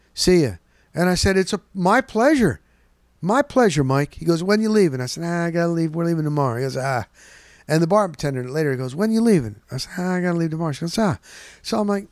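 A man in a dry, close studio sound, telling a rambling personal story in a casual podcast chat. He jumps into the voices of the people he met, rising high and loud for them, then drops back to his mid-pitched voice. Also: no echo. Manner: animated, acts out quoted voices. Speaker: podcast host.

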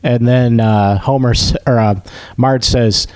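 A man's voice: medium pitch, steady tone, measured pace, a little mellow, clean tone, no echo. A man chatting casually about TV, hesitant, with many fillers and restarts.

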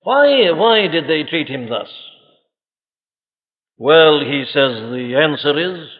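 Solemn preacher in a reverberant hall. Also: male voice, a little high, lively intonation, slow pace. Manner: solemn, emphatic, rhetorical questions. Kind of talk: sermon. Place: church congregation. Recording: lo-fi archive recording with long hall reverb.

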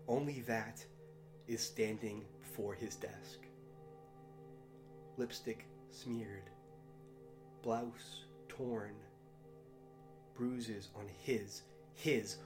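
A man reading dark fiction aloud in a measured, grave delivery. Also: fairly low pitch.

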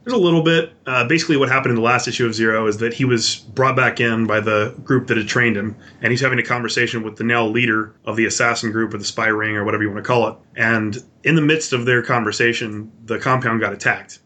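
A man co-hosting a podcast rattles along quickly, his voice bright and forward. He recaps comics with eager, rambling enthusiasm, padding his talk with fillers. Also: mid-range voice, fairly even intonation. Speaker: podcast co-host. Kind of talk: casual podcast chat about comics.

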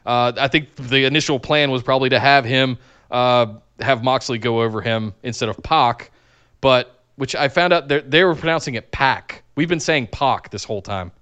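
A man co-hosting a podcast in casual chat, enthusiastic and quick to laugh. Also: mid-range voice, a bit bright, clear, resonant tone, dull audio. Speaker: podcast co-host.

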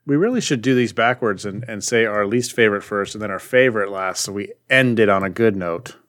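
A man's voice: lowish voice, a little fast, a bit bright. A man co-hosting a casual podcast about comics, animatedly retelling a story with lots of ums. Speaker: podcast co-host.

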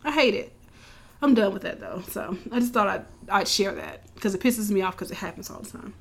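A woman recapping a show in casual, animated storytelling, swearing freely and acting out the characters' lines. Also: mid-range voice, fairly quick, gravelly. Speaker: podcast co-host recapping a show.

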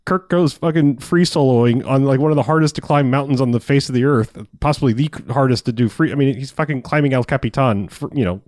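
A man's voice: mid-range voice, quick pace, few pauses, darkish tone, dry recording, clean studio sound. A man in casual podcast chat, rambling about movies, often laughing and swearing as he acts out lines.

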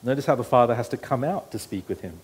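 A man's voice: mid-range voice, animated, fast talker, breathy edge. A pastor preaching an earnest sermon to his church, his voice rising when he quotes scripture.

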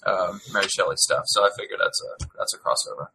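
Man, casual chat, hesitant, very bright, husky. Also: low-pitched, lively intonation, fast talker, rough recording. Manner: hesitant, thinking aloud.

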